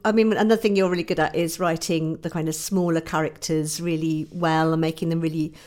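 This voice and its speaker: Low-voiced woman hosting a podcast. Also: fairly even intonation, a little fast, a little mellow. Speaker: podcast host. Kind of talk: casual podcast chat.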